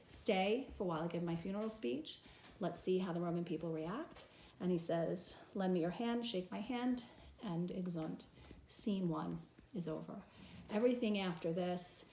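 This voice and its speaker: A woman's voice: mid-range voice, a little mellow, slight background noise. Young woman, teacher; dramatic verse reading, plain explanations, echoey room. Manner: reads the verse aloud dramatically, then paraphrases plainly. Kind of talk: reading and explaining a play to students.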